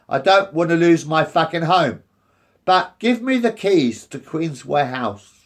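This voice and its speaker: A man, ranting angrily and repetitively with lots of swearing. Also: fairly high pitch. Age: 50s. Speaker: resident facing eviction. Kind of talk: angry rant to camera.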